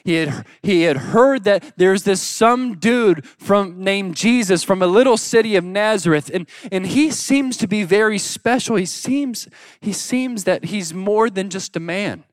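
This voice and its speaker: A man preaching a sermon, swinging between loud pleading cries and quiet, hushed lines as he acts out the story. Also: high-pitched, a little slow, dry recording, studio quality. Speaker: pastor.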